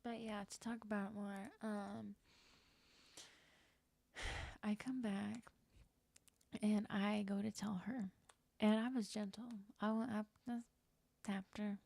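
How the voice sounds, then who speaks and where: A young woman livestreaming, telling a personal story in a loose, rambling way, full of fillers and frank swearing. Her voice is gravelly and stays fairly level in pitch. The sound is dry and close, with little room around it. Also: little pitch movement, takes it slowly, pauses often, darkish tone, no room sound. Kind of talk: casual storytelling on a live stream.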